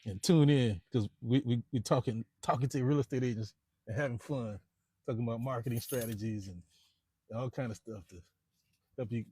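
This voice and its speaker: A man's voice: medium pitch, normal speed, warm tone, slightly rough, dry recording. Rambling man talking in a car. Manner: rambling, repeats words, chatty. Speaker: real estate agent. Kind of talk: casual vlog monologue. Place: inside a parked car.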